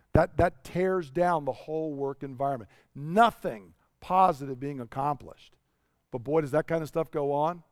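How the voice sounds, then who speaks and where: High, smooth-voiced male preacher. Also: no room sound, clean studio sound. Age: middle-aged. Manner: earnest, personal, asks the audience questions. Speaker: pastor. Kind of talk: sermon.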